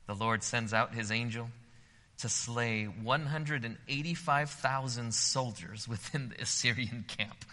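A man preaching a sermon. He swells to loud, emphatic peaks when reading scripture and drops low when he explains. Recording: long hall reverb.

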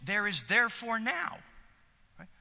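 A man's voice: sits high, wildly swooping pitch, a little slow, creaky, sharp tone, big-room sound. A man preaching a sermon in an earnest, emphatic way, often repeating words as he builds a point.

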